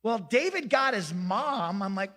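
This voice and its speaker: Bright-voiced animated male pastor. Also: high voice, a little slow, long reverb tail. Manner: animated, self-mocking storyteller acting out quotes. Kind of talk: storytelling sermon. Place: church sanctuary.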